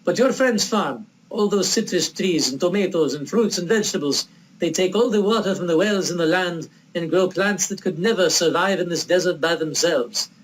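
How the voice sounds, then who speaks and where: A proud, stern Bedouin elder, put on by a man in a theatrical Arabic accent, laying out his case point by point. The voice sits a touch higher than plain talk and sounds set back from the mic. A faint hum of ambience lies underneath. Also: normal speed, close to an everyday voice, rough recording. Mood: lecturing. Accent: put-on Arabic accent, old film style. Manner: earnest, reasoning, pointed.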